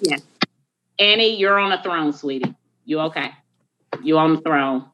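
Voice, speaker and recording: A woman's voice: sits low, normal speed, pushed and bright, slight background noise. A woman hosting a podcast in casual chat, blunt, joking and profane. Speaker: podcast host. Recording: dull lo-fi recording.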